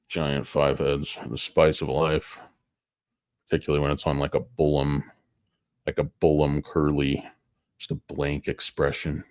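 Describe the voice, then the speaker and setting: Low-voiced, tired man rambling about stocks. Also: measured pace, pauses often, darkish tone, no echo, clean studio sound. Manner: profane, joking, wandering off topic. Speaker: stock market show host. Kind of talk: rambling casual market commentary.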